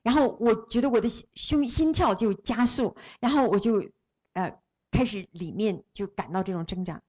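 A woman's voice: on the high side, normal speed, a little mellow, breathy edge, highs cut off. Female interpreter relaying a sermon. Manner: follows the speaker phrase by phrase, with restarts.

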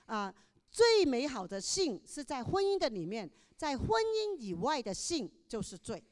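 A woman interpreting a pastor's sermon live in a church, quick and expressive. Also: sits high, big-room sound. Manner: quick, expressive delivery that mirrors the preacher. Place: large church hall.

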